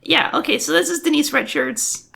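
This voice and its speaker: Wry woman co-host for casual film chat; bright, tense tone with heavy fry. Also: high voice, moderate pace. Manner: wry, teasing. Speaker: podcast co-host.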